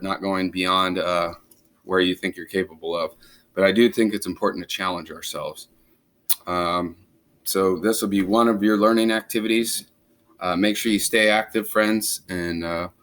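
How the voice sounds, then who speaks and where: A teacher reading a picture book aloud to his students. He is a man with a relaxed, easygoing manner. He drops casual asides between the pages. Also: sits low.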